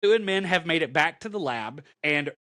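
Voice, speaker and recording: Male podcast co-host, expressive storyteller, sharp bright tone. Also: a little high, moderate pace. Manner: animated storyteller acting out reactions, swears freely. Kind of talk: casual chat recapping a comic.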